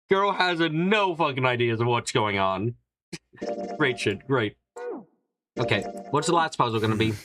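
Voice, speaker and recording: A man's voice: mid-range voice, lively intonation, a little slow, long pauses, fairly bright tone, faint music behind. A man reading a visual novel aloud and commenting casually, swearing and laughing often. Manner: swears a lot, laughs, chatty. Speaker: game streamer.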